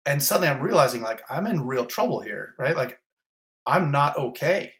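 A man's voice: mid-range voice, lively intonation, moderate pace, fairly bright tone. A middle-aged fire captain telling his own story in an interview, intense and vivid in short repeated clauses. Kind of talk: personal storytelling in a podcast interview.

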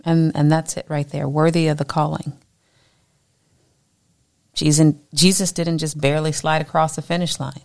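A woman leading a morning Bible study, teaching with animated energy and acting out voices in her quotes. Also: low-pitched, normal speed, creaky, long pauses.

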